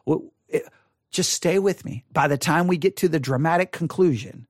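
A Bible study podcast host, hoarse and losing their voice, rambling in exasperation with many restarts while reviewing a sermon. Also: medium pitch, expressive, moderate pace, a little mellow, no room sound, studio quality.

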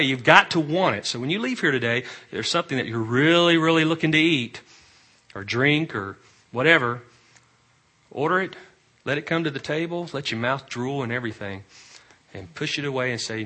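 Emphatic bright-voiced male preacher. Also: mid-range voice, lively intonation, a little fast. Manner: emphatic preaching with sudden loud rises and quiet asides. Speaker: pastor. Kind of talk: sermon.

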